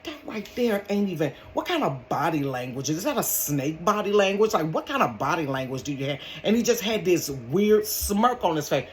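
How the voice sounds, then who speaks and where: Older woman, casual storytime vlogger in her bedroom, dramatic and animated. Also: on the low side, normal speed, few pauses, slight background noise. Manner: animated, dramatic, calls viewers honey and baby.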